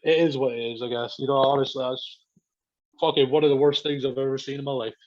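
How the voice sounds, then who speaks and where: A man's voice: medium pitch, fairly even intonation, fast talker, a little mellow, slight background noise. A man, a podcast guest telling a story in casual chat, swearing a lot, laughing and acting out what people said. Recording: dull lo-fi podcast audio.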